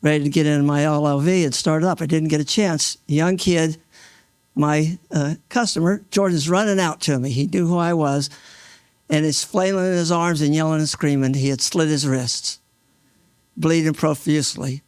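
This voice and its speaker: A man's voice: fairly high pitch, steady tone, clear, resonant tone, dry recording. Earnest man in his sixties, dry sound. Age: 60s. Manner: earnest, halting, with many restarts and re-enacted quotes. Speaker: mail carrier honored at an awards event. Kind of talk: emotional first-person storytelling. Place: awards event stage. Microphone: stage microphone.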